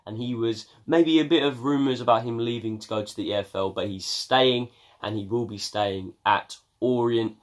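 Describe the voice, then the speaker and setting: A man's voice: medium pitch, moderate pace. A young man from England giving a casual football news roundup on his video channel, chatty and full of ums and uhs. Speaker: football vlogger.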